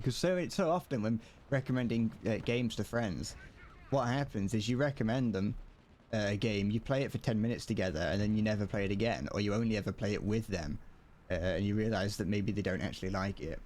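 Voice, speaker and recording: A man's voice: lowish voice, a little fast, a little mellow. A young man streaming a tank game, chatting casually with viewers and often restarting sentences. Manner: rambling, frequent restarts and chuckles. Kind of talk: casual gaming livestream chat. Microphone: desk mic, wearing headphones.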